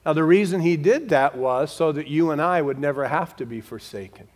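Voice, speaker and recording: A man preaching a sermon with a fairly high voice. He speaks straight to his congregation, slowing down to stress a point and dropping softly on key words. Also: animated. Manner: slows for emphasis, drops to a hush on key words; direct, talks to the congregation. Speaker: pastor.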